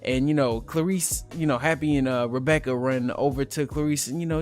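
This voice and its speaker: A man's voice: medium pitch, fairly even intonation, fairly quick, few pauses, darkish tone, faint music behind. A man casually recapping a manga chapter, talking loosely with lots of fillers and slang. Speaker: manga reviewer.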